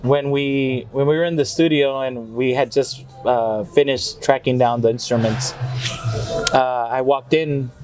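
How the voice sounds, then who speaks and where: A man's voice: mid-range voice, a little slow. Man telling a story over music. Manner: animated, acts out quoted people in raised voices; mixes in Spanish phrases. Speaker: mariachi singer, podcast guest. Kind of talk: storytelling in an interview. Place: restaurant. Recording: clear background music.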